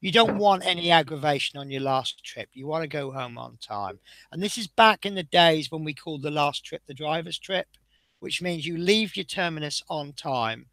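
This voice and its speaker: A man's voice: a little high, animated, normal speed, a bit bright, no echo. A man chatting casually on a stream, telling stories from his bus-driving days in a chatty, anecdotal way and reading out comments as he goes. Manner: chatty anecdotal storyteller, reads out chat. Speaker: streamer building a model bus.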